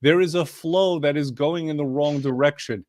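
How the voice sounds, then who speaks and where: A man's voice: a little high, normal speed, darkish tone, dry recording, clean studio sound. A man hosting a casual wellness chat, playful and persuasive, mixing jokes into his coaching over a video call. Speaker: wellness program coach and host.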